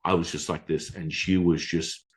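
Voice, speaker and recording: A man, a Taoist teacher, telling stories from his past in a casual, animated conversation, acting out voices and swearing casually. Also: sits low, moderate pace.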